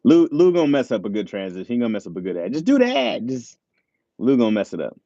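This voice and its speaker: A livestream host chats casually with viewers, reading chat aloud and laughing often, speaking into a tablet mic with earbuds. His mid-range voice moves fast with big pitch swings and a dark tone, and the recording is dry and lo-fi.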